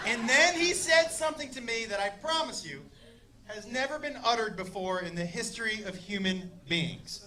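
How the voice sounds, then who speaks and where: A male stand-up comedian telling a profane, animated story straight to the crowd from a stage. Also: high-pitched, normal speed. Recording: live show with loud audience laughter.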